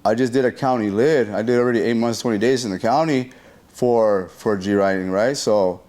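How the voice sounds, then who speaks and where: Speaking at a moderate pace in a fairly low voice, a man recounts a story during a relaxed interview. He swears, uses slang, throws in sound effects, and performs the quoted lines as he retells it.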